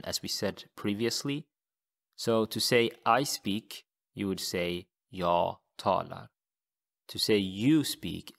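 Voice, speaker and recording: A man teaching a language lesson in a slow, deliberate way, repeating each example phrase. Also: lowish voice, gravelly, a bit bright.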